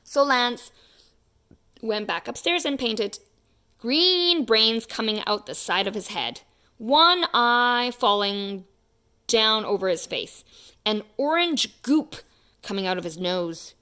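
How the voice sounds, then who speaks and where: A woman reading a children's picture book aloud in an expressive, animated way. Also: a little high, takes it slowly, clear, resonant tone. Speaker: children's story reader. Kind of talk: storybook read-aloud.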